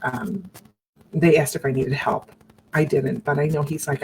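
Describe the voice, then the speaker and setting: A woman's voice: sits low, little pitch movement, brisk, darkish tone, slight background noise, poor audio. A woman candidly telling her personal story on a broadcast, earnest and direct, often restarting her sentences. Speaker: survivor sharing her story.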